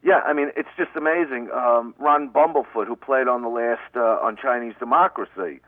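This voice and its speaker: A man's voice: medium pitch, moderate pace, no echo. Brash middle-aged male comic, thick Brooklyn accent, phoned-in, tinny line. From Brooklyn, New York. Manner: brash, rambling, profane. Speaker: guest comedian. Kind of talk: phone-in radio interview.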